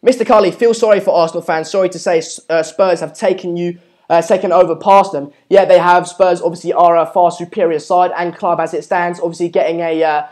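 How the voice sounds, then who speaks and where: During his live football watchalong, a young man commentates and reads viewer comments in a high-pitched, slightly mellow voice that is steady in tone and a little fast. His manner is chatty and heavy on ums, and he urges viewers to subscribe.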